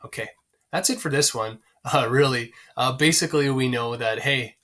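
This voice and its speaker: A man teaching a play in a casual, conversational way, pausing often with fillers as he looks for lines. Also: medium pitch, fairly bright tone. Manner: conversational, many fillers, pauses to find lines. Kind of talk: explaining a play to students, casual.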